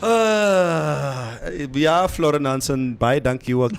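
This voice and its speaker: A man in his fifties co-hosts a radio show from the studio. His slightly high voice swings widely in pitch, and he talks at an unhurried pace. He laughs often and mixes English with Afrikaans. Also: lively intonation, creaky, smooth. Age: over 50. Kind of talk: casual studio banter, reading listener comments.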